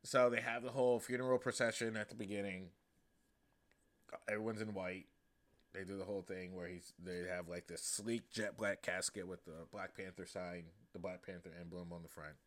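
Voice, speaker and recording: A man hosting a podcast, giving a casual, comedic movie recap in a profane, slangy, animated way. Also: low voice, normal speed. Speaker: podcast host.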